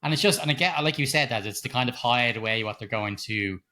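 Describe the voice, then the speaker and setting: Fast-talking, bright-voiced middle-aged co-host. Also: male voice, medium pitch. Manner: sweary, quick chiming-in. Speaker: podcast co-host. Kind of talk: casual film review chat.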